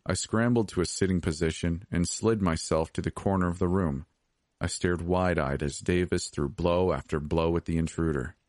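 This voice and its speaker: A man reading a scripted horror story as podcast narrator, steady and measured. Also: deep voice, dry recording, studio quality.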